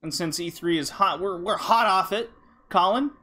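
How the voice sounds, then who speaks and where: Man, podcast host, casual chat, rambling with fillers, higher voice. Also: moderate pace, sharp tone.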